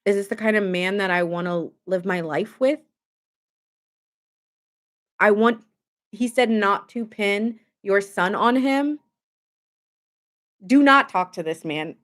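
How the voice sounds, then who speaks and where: A woman's voice: mid-range voice, slow, pauses often, a bit bright. Chatty, indignant woman tarot reader. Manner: emphatic, indignant, chatty with many fillers. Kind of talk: casual tarot reading to camera.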